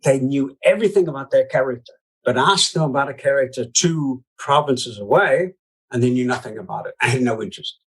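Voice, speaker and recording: A man's voice: medium pitch, fairly quick, breathy edge, poor audio. A man from the United States, a puppeteer guest, chatting in an interview and telling stories with lots of asides and laughter. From United States (Iowa). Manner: chatty, laughs often, many "you know" asides. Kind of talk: casual storytelling interview.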